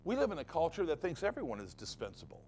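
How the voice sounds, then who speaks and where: A man preaching from the pulpit, with a high voice that climbs and drops all over. He hammers his points home by repeating phrases again and again. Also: huge pitch swings, fast, darkish tone, a little hiss or hum. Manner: emphatic, repeating phrases for effect. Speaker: pastor. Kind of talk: sermon.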